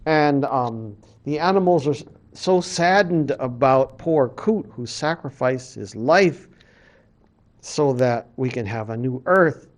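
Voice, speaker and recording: A man, a college professor, casually retelling a creation story in a lecture, animated and full of fillers. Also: medium pitch, slow pace.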